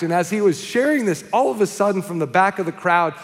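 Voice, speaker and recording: A pastor delivers a loose, conversational sermon, telling stories and checking in with "okay?" His voice is a little high for a man, and he speaks fast and animatedly with few pauses. A large hall leaves a long echo behind him.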